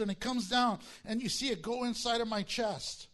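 A male pastor preaching a sermon, animated and acting out the disciples' voices as he tells the story. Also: very high-pitched, moderate pace.

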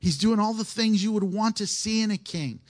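A man's voice: sits high, normal speed. A man preaching a sermon in a conversational way. He asks the listeners questions and repeats his key phrases.

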